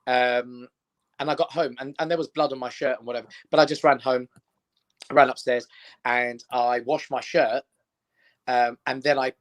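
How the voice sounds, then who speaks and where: A man's voice: mid-range voice, moderate pace. A middle-aged man, a comedian telling stories in casual chat and acting out the people in them. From England. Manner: animated anecdotes, acts out quoted voices. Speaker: comedian guest.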